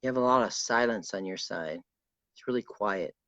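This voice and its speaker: A man acting as a spirit medium, guiding a sitter and calling out to spirits in a soft, reassuring way. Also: on the low side, normal speed, no room sound. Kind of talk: guided spirit session.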